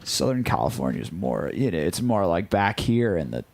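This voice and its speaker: A man's voice: sits low, very animated, normal speed, darkish tone, slight background noise. A man co-hosting a casual show, bantering with playful jokes. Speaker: co-host. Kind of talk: casual chat.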